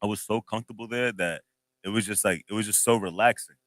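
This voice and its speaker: A man co-hosting a podcast, telling a story in a loose, animated, slangy way with lots of laughs. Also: fairly low pitch, quick pace, dry recording. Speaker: podcast co-host. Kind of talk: casual chat, storytelling.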